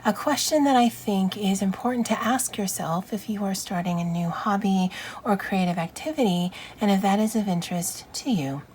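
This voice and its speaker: Woman, Hawaiian accent, casual chatty vlog, soft and halting, middle pitch, faint background hiss. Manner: soft, slow and halting, stumbling over words while working. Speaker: YouTuber.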